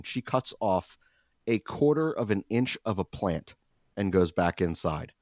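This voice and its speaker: A man co-hosting a podcast, telling stories in a casual, profane, exaggerated ranting way with loud bursts. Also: on the low side, lively intonation, unhurried, no room sound, lo-fi sound. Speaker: podcast co-host. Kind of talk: casual storytelling chat.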